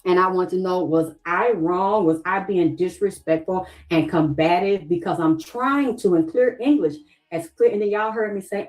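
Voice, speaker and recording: A woman's voice: lowish voice, animated, normal speed, a little mellow, rough recording. Insistent Southern woman on a livestream. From Southern United States. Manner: insistent, repeats questions, reads viewer comments aloud. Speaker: livestream host. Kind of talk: emotional livestream talk to viewers.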